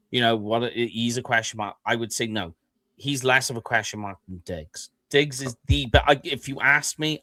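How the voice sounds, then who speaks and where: A man talks over a team's season on a casual sports podcast, easy and conversational. His voice is an ordinary middle pitch. The recording is close and dry, with no room sound. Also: sharp tone, dry recording. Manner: conversational, teasing. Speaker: podcast co-host.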